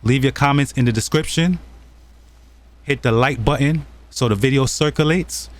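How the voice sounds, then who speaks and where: A man talks through a video he is reacting to. He is heated and preachy, and he repeats himself as he builds his point. His pitch sits in the middle range. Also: normal speed. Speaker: commentary vlogger. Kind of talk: angry reaction commentary.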